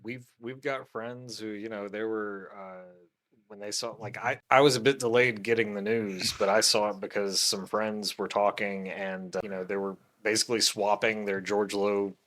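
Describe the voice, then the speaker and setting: A man with a lowish voice co-hosts a podcast in a relaxed chat. He speaks haltingly and restarts his sentences often. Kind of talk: casual chat.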